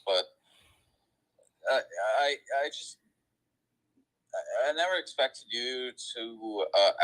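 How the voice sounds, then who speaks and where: Slow, stammering man asking a question. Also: on the low side, fairly bright tone, rough recording. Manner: hesitant, stammering, many fillers. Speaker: caller. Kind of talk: casual question to a host.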